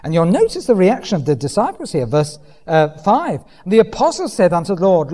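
A man preaches with a wildly lively, swooping delivery, slipping in and out of quoted voices with dry humour. His voice rings with a long reverb, as if recorded in a church hall. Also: high-pitched, normal speed, husky. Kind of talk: sermon.

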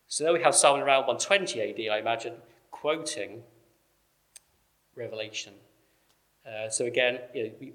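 A man teaches a congregation in a relaxed, conversational way. His voice sits in an ordinary middle pitch, and he explains step by step, pausing with ums and uhs as he goes. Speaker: preacher. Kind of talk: church teaching talk.

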